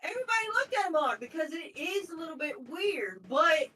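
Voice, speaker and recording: Bright-voiced, blunt woman co-host. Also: very high-pitched, expressive, brisk, a little hiss or hum, rough recording. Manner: blunt, swears freely. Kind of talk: casual podcast chat.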